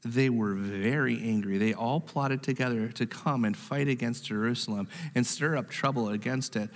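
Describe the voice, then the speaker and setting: A male pastor delivers a sermon in a lively, conversational way. He often repeats his words and acts out the voices he quotes. His mid-pitched voice rings out with a long reverb from the church hall. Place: church sanctuary.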